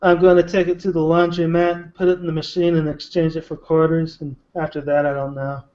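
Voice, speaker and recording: A man's voice: fairly high pitch, little pitch movement, fairly quick, darkish tone. A man on a casual group video call, making dry, offhand jokes. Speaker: guest in group chat. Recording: dull lo-fi video call audio.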